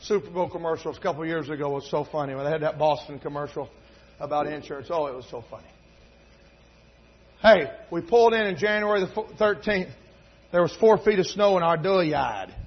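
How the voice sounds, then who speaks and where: A middle-aged pastor preaches with a high, husky voice. He tells homespun stories and then drives his points home with fervor. The recording sounds dull and lo-fi. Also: a little fast. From North Carolina, USA. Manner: folksy storytelling preacher, building to emphatic fervor. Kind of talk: sermon.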